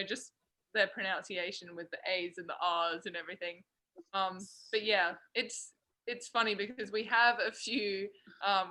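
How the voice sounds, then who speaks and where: A young Australian woman, a college basketball player, chatting easily on a video call. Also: mid-range voice. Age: young adult. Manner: relaxed, laughs between thoughts. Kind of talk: casual video-call interview.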